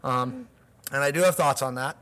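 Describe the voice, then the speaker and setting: A man's voice: mid-range voice, moderate pace, bright, forceful tone. A man hosting a live streamed talk show, rambling and joking while reading the chat. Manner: rambling, jokey, talks to chat.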